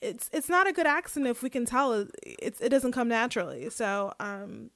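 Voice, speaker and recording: A woman's voice: fairly high pitch, moderate pace, a crowd in the background. A woman co-hosting a casual podcast, recapping a show in a chatty way and laughing often. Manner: chatty, laughs often, animated when retelling scenes. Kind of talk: casual chat.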